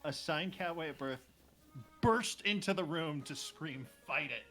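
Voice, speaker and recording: A man chatting excitedly while playing a game live on stream, laughing often and reacting quickly. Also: a little high, faint music behind. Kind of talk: live gameplay chat.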